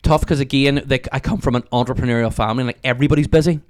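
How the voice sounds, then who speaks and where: A man in his thirties with a Northern Irish accent, chatting as a podcast guest, animated and swearing freely. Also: medium pitch, clear, resonant tone. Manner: swears freely, animated storytelling, rapid talk. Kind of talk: casual interview chat.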